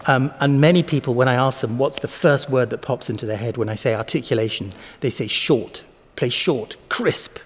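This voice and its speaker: Male cellist teaching to camera, mid-pitched, thinks aloud, hall reverb, faint cello behind. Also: normal speed, husky, soft background music. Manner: musing, thinks aloud with ums and self-corrections; sounds out rhythms with syllables. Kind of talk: music lesson to camera.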